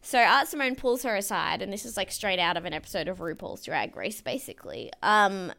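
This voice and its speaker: A woman's voice: mid-range voice, animated, fairly quick, gravelly, pushed and bright. A woman casually recapping a reality show as a podcast co-host. She laughs often and acts out what people said.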